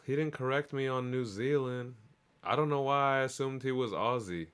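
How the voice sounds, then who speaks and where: A man's voice: medium pitch, normal speed, fairly bright tone, clean tone. A man hosting a live stream, chatting in a loose, rambling, profane and hyped way. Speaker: livestream show host. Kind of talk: casual live-stream chat.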